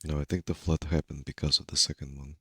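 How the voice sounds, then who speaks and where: A man playing his character in a tabletop game, speaking in an earnest, measured way with a husky voice. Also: flat delivery, pushed and bright, dry recording, clean studio sound. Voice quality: very deep, gravelly and husky. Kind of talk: in-character role-play.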